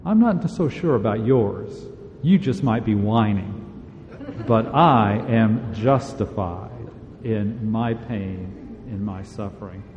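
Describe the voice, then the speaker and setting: A man's voice: fairly low pitch, slow, darkish tone, a little hiss or hum. A man preaching a sermon as a pastor, in a conversational, emphatic way. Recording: dull sound in a large reverberant hall.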